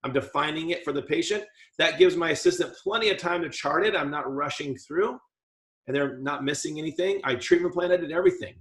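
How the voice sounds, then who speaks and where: A man's voice: fairly high pitch, a little fast. Upbeat male dental coach, echoey room. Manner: lively, jokey, acts out patient talk. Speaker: practice coach. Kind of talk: team training talk.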